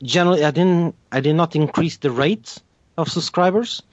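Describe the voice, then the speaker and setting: A man's voice: on the high side, moderate pace, no room sound. A man whose first language is Portuguese, a guest on a podcast, chatting casually and searching for words. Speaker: guest, motorcycle video creator. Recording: dull lo-fi sound.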